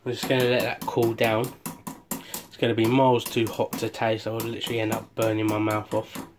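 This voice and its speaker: A man's voice: on the low side, completely flat delivery, fairly quick, noisy background. A man chatting casually through a home cooking vlog, with lots of ums and restarts. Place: home kitchen.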